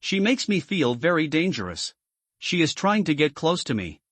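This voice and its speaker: A man's voice: on the high side, very animated, normal speed, a bit bright, no echo. A man voicing a timid, frightened young girl. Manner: uneasy, trembling.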